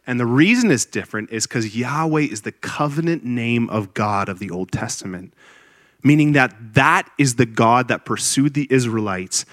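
A man's voice: medium pitch, fairly bright tone, dry recording, studio quality. A man preaching a sermon to a congregation, earnest and explanatory, with emphatic bursts and light teasing of his listeners.

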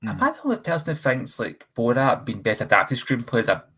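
A man's voice: mid-range voice, wildly swooping pitch, a little fast, pushed and bright, breathy edge. Chatty man with frank film opinions. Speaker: film podcast co-host. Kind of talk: casual film discussion.

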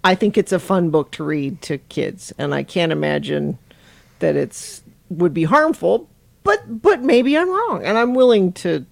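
Woman podcast host, casual chat, lively pitch, lowish voice, dry close sound. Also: vocal fry, no room sound. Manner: chatty, laughs often, questioning.

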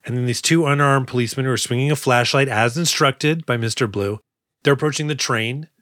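A man's voice: mid-range voice, fairly quick, fairly bright tone, dry recording, clean studio sound. A man co-hosting a podcast in casual chat, recapping film scenes with crude jokes. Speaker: podcast co-host.

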